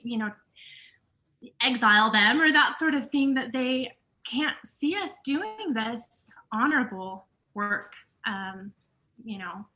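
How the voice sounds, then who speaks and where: A woman participant on a video call, sharing a personal moment in an earnest, halting way. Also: a little high, bright, forceful tone. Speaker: participant in a live session.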